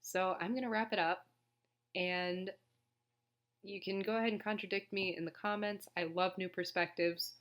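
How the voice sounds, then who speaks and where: A woman's voice: medium pitch, steady tone, normal speed, a bit bright. A woman hosting a channel about stories, speaking in a thoughtful, hesitant way, her voice starting to give out. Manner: thoughtful, hesitant, restarts sentences. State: losing her voice. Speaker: story discussion channel host. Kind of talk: reflective casual commentary.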